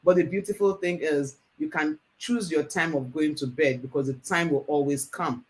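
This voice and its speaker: A woman's voice: sits low, moderate pace. A woman hosting a business talk show, emphatic and enthusiastic. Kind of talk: interview hosting.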